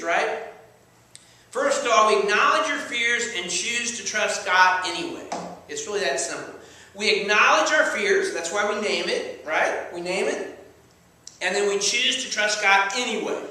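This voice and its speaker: A man with a high, sharp voice preaches a sermon as pastor, conversational and playful, frequently checking in with the congregation. It's recorded in an echoey church sanctuary with the mic at a distance.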